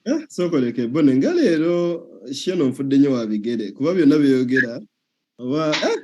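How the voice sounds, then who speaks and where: A man's voice: mid-range voice, sing-song, normal speed, mellow, slight background noise. A man hosting the talk, questioning his guest in a teasing, playful way. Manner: questioning, teasing, laughs often. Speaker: host. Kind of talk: casual interview chat.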